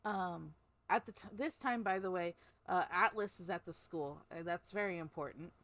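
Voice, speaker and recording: A woman co-hosts a book podcast, recounting a novel's plot in a loose, rambling way packed with fillers. Her voice is fairly low and a bit bright, at a normal speed, and the recording has no room sound. It's a casual book-club conversation.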